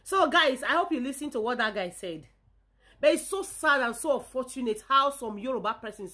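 A woman's voice: fairly high pitch, lively intonation, fairly quick, bright, forceful tone. A Nigerian woman from Edo State ranting in a reaction video, indignant and scolding, often repeating herself. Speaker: vlogger.

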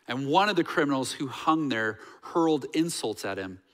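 A man's voice: medium pitch, expressive, moderate pace, fairly bright tone. A male pastor preaching a sermon in a church, earnest, with fillers and repeated words. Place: church sanctuary. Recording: reverberant church hall.

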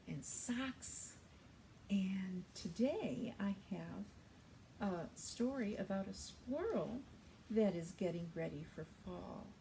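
Brief: slow, lively storytime reader, a woman with a mellow, somewhat high voice, sing-song and coaxing for toddlers. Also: a little hiss or hum. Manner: sing-song, coaxing, drawn-out words for small children. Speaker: children's librarian. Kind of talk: toddler storytime read-aloud. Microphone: video recording.

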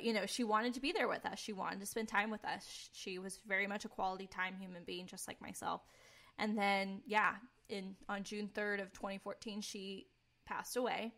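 A woman's voice: mid-range voice, a bit bright. A young woman, a podcast co-host, candidly telling her personal faith testimony in casual talk, earnest and peppered with "like". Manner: earnest, candid, filler-heavy with frequent "like".

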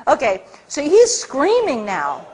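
A woman speaking at a public talk, telling an animated story with many restarts and acted-out quotes. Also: high voice, slow.

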